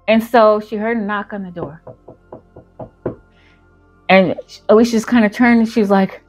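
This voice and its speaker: A woman's voice: medium pitch, fairly even intonation, normal speed, pauses often, soft background music. A woman telling a storytime in a casual, chatty way, full of fillers. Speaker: channel host.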